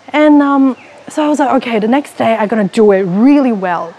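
A woman from China, giving an animated personal testimony and acting out her own past thoughts as she tells her story. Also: a little high, fairly quick, a little hiss or hum. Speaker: retreat participant.

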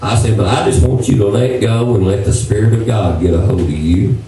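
A man's voice: lowish voice, fairly quick, mellow, slight background noise. A man preaching in a folksy country manner as a pastor addressing his church. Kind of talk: sermon announcement. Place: church sanctuary. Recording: echoey church from far off.

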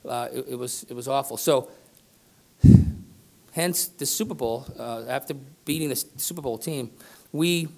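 A man's voice: mid-range voice, moderate pace, creaky, long pauses. A middle-aged man telling a rambling, self-deprecating story to a live audience, peppering it with "right?" and "you know". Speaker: business speaker. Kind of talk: storytelling keynote speech. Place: conference room with live audience.

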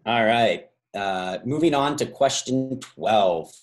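A man hosts a trivia quiz over a video call, heard through a call microphone. His voice sits at a middling pitch, and he drags out the key words of each question. Between options he slips in casual asides and corrects himself mid-sentence. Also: lively intonation. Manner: reads multiple-choice options slowly, stretching key words; chatty asides and self-corrections.

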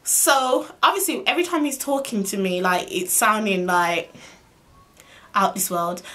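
A young woman tells a personal story to the camera. She talks in a chatty, animated way at a middle pitch and swears freely, like a casual vlog storytime. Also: a little slow. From Birmingham, England. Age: young adult. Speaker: vlogger.

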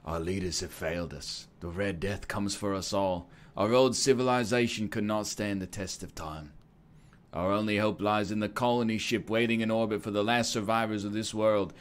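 An actor as a grave game narrator. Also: male voice, fairly low pitch, close to an everyday voice. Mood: solemn. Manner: solemn, measured. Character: grave male narrator of a game's doomsday intro.

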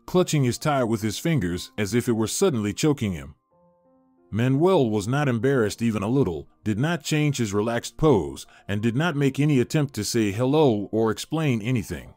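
An expressive male storyteller reads with lively swings of pitch. His voice is close and dry, with soft music underneath. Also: normal speed, no echo. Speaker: narrator. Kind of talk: storytelling narration.

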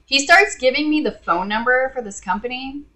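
A woman's voice: sits high, normal speed, pushed and bright, slight background noise. A woman vlogger telling an exasperated, sarcastic story to her viewers in a casual rant. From Indiana.

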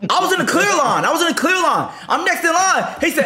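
Animated high-voiced storytelling man. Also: fast, roomy sound. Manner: animated, laughing, acts out quotes loudly. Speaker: podcast regular. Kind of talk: casual storytelling chat.

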